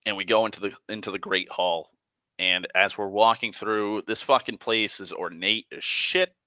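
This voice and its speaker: A man's voice: lowish voice, fairly even intonation, moderate pace, bright, forceful tone, clear, resonant tone, no echo. A man retelling a tabletop game session in a rambling, profane way, full of fillers and restarts. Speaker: storyteller.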